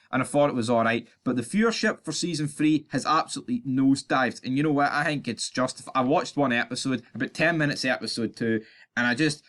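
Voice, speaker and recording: A man's voice: medium pitch, fairly bright tone. A young man with a Scottish accent hosts his own channel, ranting his opinions in a blunt, sarcastic, sweary way and often stumbling over his words. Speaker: YouTube channel host.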